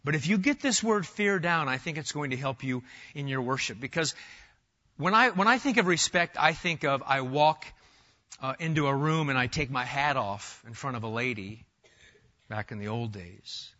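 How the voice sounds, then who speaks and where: Bright-voiced male preacher, dull recording. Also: medium pitch, moderate pace. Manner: animated preaching with sudden loud emphasis and soft asides. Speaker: pastor. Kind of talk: sermon.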